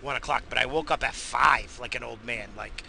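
A man hosting a casual rambling monologue, swinging from loud hyped shouts to low muttering, swearing often and coughing now and then. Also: a little fast, creaky, a little hiss or hum. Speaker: podcast host.

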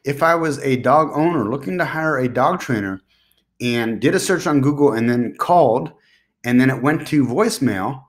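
Emphatic man giving business advice. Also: medium pitch. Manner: direct, emphatic advice with repeated points. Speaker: podcast host. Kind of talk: solo business podcast monologue.

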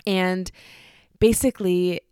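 A woman's voice: fairly low pitch, fairly even intonation, slow, darkish tone, clear, resonant tone, no room sound, studio quality. A young woman hosting her own podcast, talking chattily and bubbling over with enthusiasm, sometimes poking fun at herself. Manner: bubbly, chatty and self-deprecating. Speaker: podcast host. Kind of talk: solo podcast intro.

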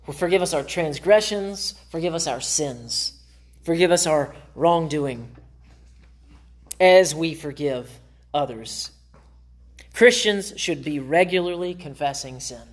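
A man's voice: fairly high pitch, darkish tone. A man preaching in a church in an earnest, conversational way. He speaks as a pastor, giving a sermon to his congregation. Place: church sanctuary.

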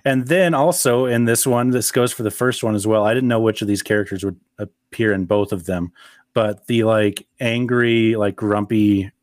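A man's voice: fairly low pitch, steady tone, moderate pace, no room sound, studio quality. A man hosting a casual movie review chat, laughing often and leaning on fillers.

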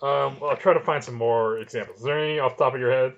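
A man's voice: mid-range voice, fast, gravelly, muffled recording. A man co-hosting a comics podcast, chatting casually and enthusiastically, often restarting his sentences. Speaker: podcast co-host. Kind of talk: casual chat.

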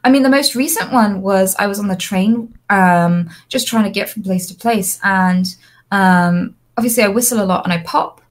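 A young adult woman, an interview guest, telling lively personal anecdotes with frequent fillers and restarts. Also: mid-range voice, moderate pace. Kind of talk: casual storytelling.

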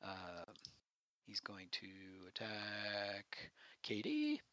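A woman's voice: rumbling low, wildly swooping pitch, fairly bright tone, dry recording. A woman narrating a tabletop role-playing game as game master, laughing often between turns. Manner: laughs often, quick voices for villain.

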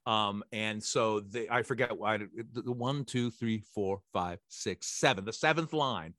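A man's voice: fairly low pitch, unhurried, a bit bright, no room sound, clean studio sound. A man guesting on a podcast, talking about theatre in an emphatic, wry way, full of fillers and restarts. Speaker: guest, theatre director and writer. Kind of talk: casual podcast conversation.

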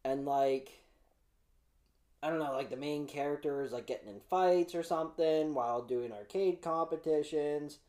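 Chatty man with a mellow voice. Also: on the high side, moderate pace. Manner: chatty, rambling, many fillers and restarts. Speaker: comic preview host. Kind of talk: casual solo vlog.

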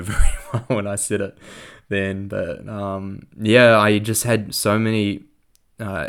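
A young man telling a personal story in a reflective way, laughing often and filling pauses with lots of ums. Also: low-pitched, vocal fry.

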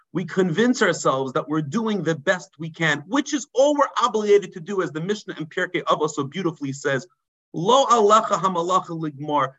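A man, a rabbi telling a story in a mussar sermon, dropping low and quiet for emphasis. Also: rough recording. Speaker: rabbi teaching a mussar class.

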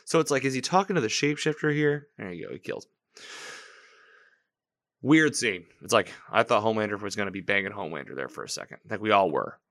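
A man hosting a podcast, giving casual, animated commentary as he recaps a TV episode, quoting lines and laughing. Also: on the low side, fast. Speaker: podcast host. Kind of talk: casual live-watch commentary.

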